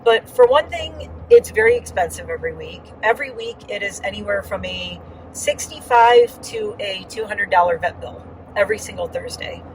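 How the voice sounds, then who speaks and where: A woman's voice: mid-range voice, sing-song, normal speed, recorded from a distance, noisy background. A woman giving a casual, rambling vlog update with lots of fillers, talking while riding in a car. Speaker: vlogger.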